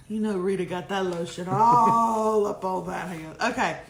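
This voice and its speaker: A woman's voice: mid-range voice, measured pace, crowd noise. A middle-aged woman, hosting a casual live chat, reading viewer emails and teasing with jokes and laughter. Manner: animated, joking, laughing, teasing. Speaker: host. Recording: echoey room.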